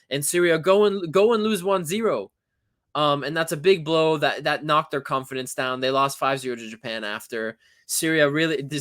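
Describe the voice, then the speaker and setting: Young guy rambling thru a football recap, kinda high voice, opinionated, close mic. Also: a bit bright. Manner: chatty and opinionated, rambling with restarts. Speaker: football channel host. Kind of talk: casual football recap commentary.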